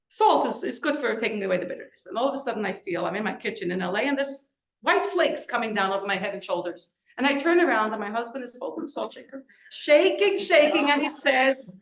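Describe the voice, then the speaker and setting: A middle-aged woman, an author and lecturer, giving an inspirational storytelling talk, acting out quoted voices with big leaps in pitch. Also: animated, brisk, fairly bright tone, reverberant. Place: lecture event in a room.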